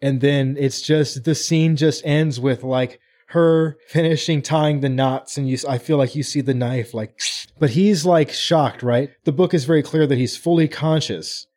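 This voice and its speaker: A man's voice: fairly high pitch, measured pace, darkish tone. A man co-hosting a casual book podcast, animatedly retelling a chapter and acting out the characters' lines. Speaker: podcast co-host. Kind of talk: casual book-club chat.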